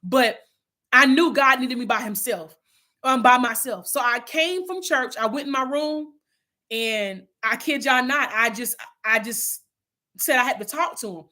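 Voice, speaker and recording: A woman's voice: a little high, unhurried, pushed and bright. A woman leading an online Bible study in a casual, heartfelt way, talking straight to her listeners and often restarting her sentences. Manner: heartfelt, earnest, addresses listeners as y'all; rambling with frequent restarts. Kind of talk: casual spiritual talk to viewers.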